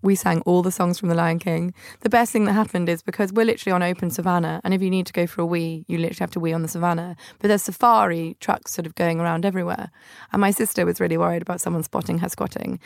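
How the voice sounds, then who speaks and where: Brief: podcast host, woman, low gravelly voice, chatty anecdotes. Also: fast, dry recording, studio quality. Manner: chatty, animated anecdotes with acted-out quotes. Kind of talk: casual storytelling monologue.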